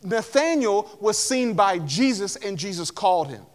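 A man's voice: high voice, animated, measured pace. A young man preaching a casual sermon, filling his talk with "like" and acting out the people in the story. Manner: conversational, lots of "like", acts out voices of Bible figures. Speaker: pastor.

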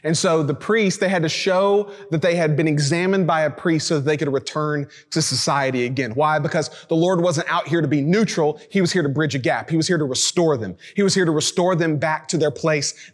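High-voiced male preacher in a big hall. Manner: casual, conversational preaching with slang asides. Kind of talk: sermon. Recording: reverberant hall.

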